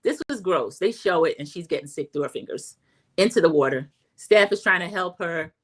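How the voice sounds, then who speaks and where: A middle-aged woman hosting a livestream, casually recapping a reality TV episode and giving her opinions, chatty and animated when she acts out quoted lines. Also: fairly low pitch, fairly quick, slightly rough, rough recording. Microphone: home streaming setup.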